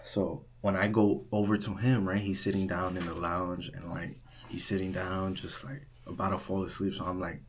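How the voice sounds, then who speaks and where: A young man working as a resident assistant tells a storytime vlog in a casual, animated way, full of "like" and "right?". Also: sits low, moderate pace, a little hiss or hum. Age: young adult. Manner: animated retelling, heavy use of "like" and "right?".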